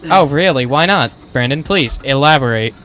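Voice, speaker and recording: A man's voice: medium pitch, expressive, moderate pace, fairly bright tone, a little hiss or hum. A man co-hosting a casual podcast chat among friends, joking and sarcastic, sometimes explaining things to listeners. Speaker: podcast co-host.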